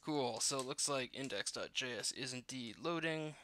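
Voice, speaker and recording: A man's voice: medium pitch, normal speed, bright, forceful tone, a little hiss or hum. A man walking through code as he builds a game, thinking aloud with lots of fillers and self-deprecating asides. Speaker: programmer live-coding a game. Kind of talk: casual coding walkthrough.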